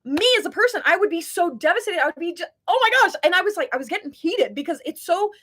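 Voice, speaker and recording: Twenties woman with a high, chatty voice; earnest live-chat host. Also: lively intonation, fast, a bit bright. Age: 20s. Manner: chatty, heavy use of "like", earnest and passionate.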